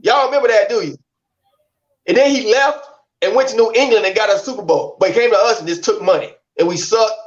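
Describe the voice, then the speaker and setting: A man's voice: high voice, fairly quick, muffled recording. A man ranting in heated sports talk, repeating himself and calling out to his chat, from the Tampa area. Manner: ranting, repetitive, addresses the chat. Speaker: co-host of a sports call-in stream.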